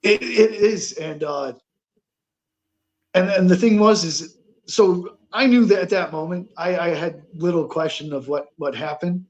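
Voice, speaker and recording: A man telling a ghost story as a guest on a paranormal talk show, halting, with many fillers and restarts. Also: high voice.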